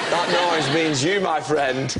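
A man's voice: a little high, sing-song, normal speed, over a noisy crowd. A man hosting a television game show, upbeat and jokey, teasing the contestants. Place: television studio with live audience. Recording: loud audience and studio noise.

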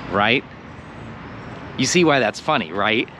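A man's voice: on the low side, lively intonation, slow pace, noisy background. An American man teaching English in a casual video lesson, playful and fond of acting out little scenes.

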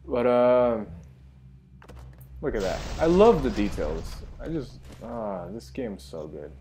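A man's voice: medium pitch, sing-song, takes it slowly, mellow. Young guy rambling about a game he loves, mid voice, faint hiss. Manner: enthusiastic, rambling asides. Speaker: gaming channel host. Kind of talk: let's play commentary.

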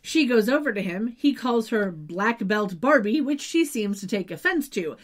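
A woman's voice: on the high side, animated, normal speed. A woman co-hosting a podcast, recapping a TV episode in casual chat with wry asides. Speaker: podcast co-host.

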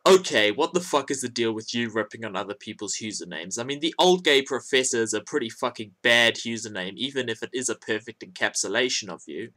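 A man's voice: mid-range voice, animated, fairly quick, hardly any pauses, bright, forceful tone. A man commenting on another creator's video with mocking sarcasm and frequent swearing. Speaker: YouTube commentator.

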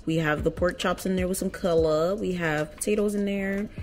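A woman's voice: fairly low pitch, fairly even intonation, moderate pace, a little hiss or hum. Heated, profane woman vlogger. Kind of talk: storytime vlog. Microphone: camera.

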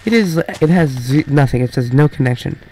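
A teenage boy chatting casually over his gameplay, rambling and halting, full of fillers and restarts. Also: a little high, lively intonation, dark tone, a little hiss or hum, poor audio. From Canada. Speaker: gaming YouTuber.

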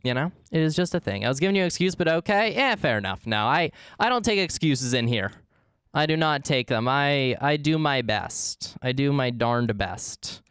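A man's voice: medium pitch, expressive, moderate pace, fairly bright tone, clean tone, dry recording, studio quality. A man live-streaming a game, chatting casually and goofily with his viewers as he plays. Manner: goofy, rambling, talks to chat.

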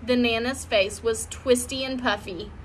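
A woman reading a children's chapter book aloud in a lively, expressive way. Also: on the high side, unhurried, slight background noise. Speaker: audiobook reader. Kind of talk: storybook read-aloud.

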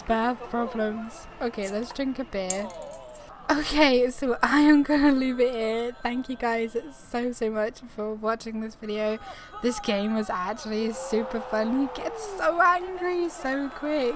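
Chatty woman gamer, slow and a bit high. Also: noisy background. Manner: chatty, self-narrating, laughs often. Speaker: gaming YouTuber. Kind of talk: let's play commentary. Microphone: desktop USB mic.

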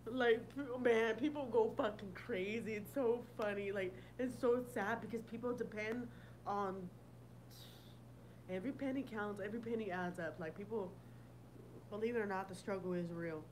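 A woman's voice: mid-range voice, moderate pace, background noise. A woman hosting a casual livestream, talking bluntly with lots of swearing and laughter while answering viewer comments. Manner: blunt, profane, laughing often. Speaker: livestream host.

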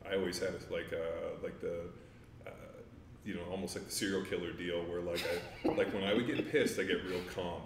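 A man's voice: low-pitched, fairly even intonation, a little fast, creaky, a little hiss or hum. A man, a former pro lineman, telling stories in a casual interview, laid-back and rambling with lots of fillers and swearing. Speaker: guest, former NFL offensive lineman. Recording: roomy, distant mic with faint ambience.

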